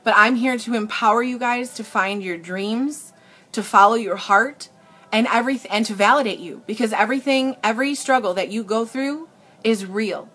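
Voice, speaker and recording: Recorded on a tablet, a young adult woman selling makeup speaks to her live stream viewers in a fairly high, fairly bright voice at a moderate pace. Earnest and emotional, she frequently starts her sentences over.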